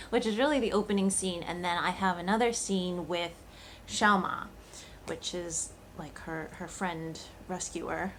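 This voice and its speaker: A woman's voice: fairly low pitch, steady tone, unhurried, a bit bright, a little hiss or hum. A woman talking casually to camera in a vlog, thinking aloud with lots of fillers and restarts. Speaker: cooking channel host.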